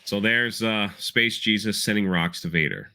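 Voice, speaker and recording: A fairly low-pitched male voice with vocal fry comes across bright and forceful at normal speed. He's a podcast host chatting casually about an episode, rambling, repeating words and quoting lines expressively.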